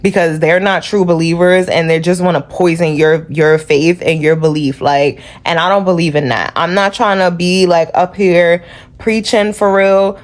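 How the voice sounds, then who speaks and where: A woman from New York City with a New York accent, talking casually to camera in a vlog, chatty and earnest, with many fillers. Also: fairly low pitch. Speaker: vlogger.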